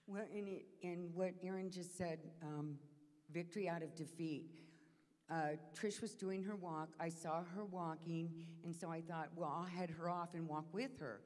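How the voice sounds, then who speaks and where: A woman telling a personal testimony to a church congregation, emotional and halting, with many restarts. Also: on the low side, fairly even intonation, a little mellow, long reverb tail. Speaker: church member giving testimony. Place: church sanctuary.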